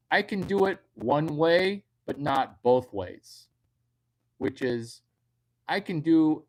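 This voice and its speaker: A man doing a comedic monologue for online viewers, talking slowly at a middling male pitch. He rambles crudely and circles back to repeat his punchlines. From United States.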